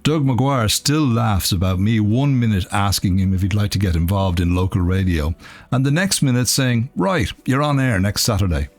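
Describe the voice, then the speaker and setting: A low, gravelly-voiced man narrates a radio documentary in a measured, wry manner. His tone is slightly husky and recorded very dry and close, with faint music beneath. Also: dry recording. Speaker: documentary presenter. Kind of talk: scripted narration.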